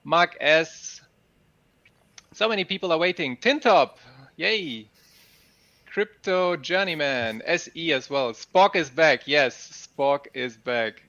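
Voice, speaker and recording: A man's voice: on the high side, expressive, takes it slowly, sharp tone, no echo. A man hosting a casual livestream, upbeat and greeting chat viewers by name. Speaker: livestream host. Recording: dull lo-fi sound.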